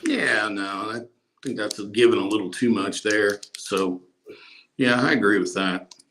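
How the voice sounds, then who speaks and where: Laid-back low-voiced co-host, faint noise. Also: male voice, measured pace, fairly bright tone. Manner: dry, laid-back, short remarks. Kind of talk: casual live stream chat.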